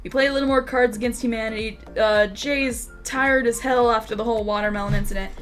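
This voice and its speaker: A woman's voice: fairly high pitch, fairly even intonation, fast, soft background music. A young adult woman vlogger telling a rambling, laugh-filled story in casual talk, swearing freely.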